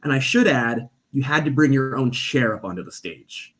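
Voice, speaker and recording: A stage performer appears as a podcast guest, telling a story in casual chat and animatedly acting out the voices of the people in it. He speaks at normal speed in a mid-range voice.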